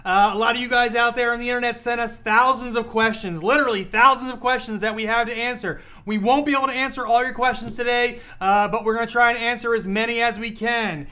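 Man, co-host of a live stream, high-pitched, bright, excitable. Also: fast, few pauses, smooth. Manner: upbeat, excitable, many fillers. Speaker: livestream co-host. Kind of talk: casual live-stream chat.

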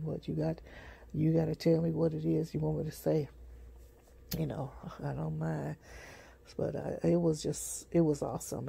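A sleepy street preacher tells a rambling testimony, full of restarts and fillers. The voice is husky and breathy with heavy gravel, and its tone is dark and mellow. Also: medium pitch. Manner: repetitive, halting, many fillers and restarts. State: sleepy, yawning.

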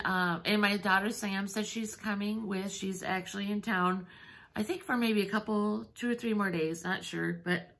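Bright-voiced chatty woman vlogger. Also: medium pitch. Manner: chatty, gushing and easily moved, with many fillers. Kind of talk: casual chat.

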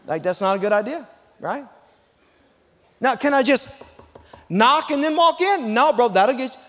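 A guest pastor from Texas preaching an emphatic sermon and calling on the congregation to answer back, rushing some phrases and stretching out others. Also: male voice, very high-pitched, expressive, a bit bright. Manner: emphatic, call-and-response with the congregation; swings between fast and slow, drawn-out emphasis. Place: large church sanctuary. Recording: long church hall reverb.

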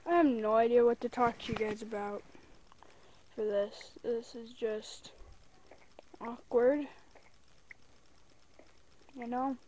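Casual gaming host, a woman with a slow, rambling, chatty delivery, lying on a bed at home and quick to get annoyed. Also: fairly high pitch, dark tone, slight background noise. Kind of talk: casual let's play commentary.

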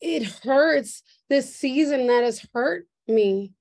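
A woman pastor with a fairly high voice delivers a prophetic sermon at an unhurried pace. She speaks with earnest emotion and circles back to the same phrases. The sound comes through a video call. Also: lively intonation, darkish tone. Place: church service streamed on video call.

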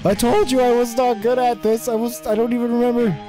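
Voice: mid-range voice, flat delivery, a little fast, over music. A tired young adult host doing let's play commentary, flustered and exclaiming often while reading game dialogue aloud and reacting to the game. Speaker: gaming channel host.

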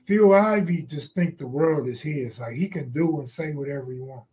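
A man's voice: a little high, normal speed, a little mellow. Profane middle-aged man telling stories. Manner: profane, rambling anecdotes with slang; answers viewer comments mid-story. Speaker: live stream host. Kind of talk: casual freestyle storytelling.

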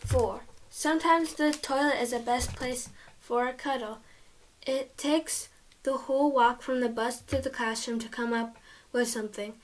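A woman reading a children's chapter book aloud in a lively, expressive storytelling manner. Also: on the high side, moderate pace. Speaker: storybook reader.

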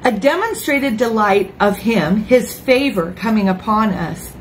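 A woman's voice: mid-range voice, measured pace, slight background noise, low-quality recording. Chatty grandmotherly woman preaching. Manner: warm, chatty and emotional, with lively asides. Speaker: ministry speaker. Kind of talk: informal sermon. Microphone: phone or webcam, online broadcast.

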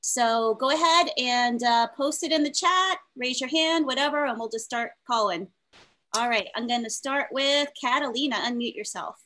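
A woman's voice: fairly high pitch, normal speed, pushed and bright. A woman teacher moderating a panel on a video call, upbeat and chatty.

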